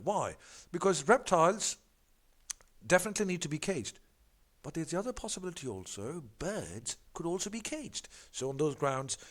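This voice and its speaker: Animated male tutor with lively pitch. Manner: animated, emphatic, repeats catchphrases like "big fat no". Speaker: exam tutor. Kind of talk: tutorial walkthrough of practice questions.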